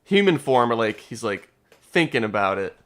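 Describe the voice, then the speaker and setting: A man's voice: medium pitch, sing-song, moderate pace. A young man plays a tabletop game and narrates his character's moves. He talks casually, stopping and restarting as he goes. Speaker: player.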